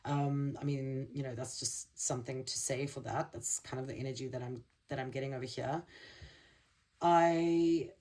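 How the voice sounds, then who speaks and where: Earnest low-voiced woman reading tarot cards. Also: fairly even intonation, mellow, distant mic. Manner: earnest, halting, searching for words. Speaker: tarot reader. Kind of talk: spiritual card reading to camera.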